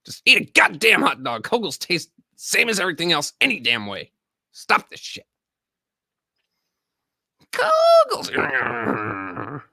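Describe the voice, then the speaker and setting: His voice is a little high, sing-song, creaky, bright and forceful, delivered at normal speed with studio quality and no room sound. He's an army veteran in his thirties hosting a live stream, chatting casually and profanely to viewers in a rambling way.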